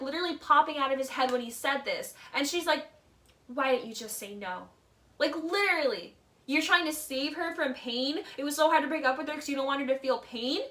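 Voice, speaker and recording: A woman with a high, bright voice gives chatty, opinionated commentary, peppering every sentence with "like" and "literally." She drops into mock voices to act out what others said. Her voice sits a little away from the mic. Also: distant mic. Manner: acts out quoted lines in mock voices. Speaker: reality TV commentator. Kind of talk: casual video essay commentary.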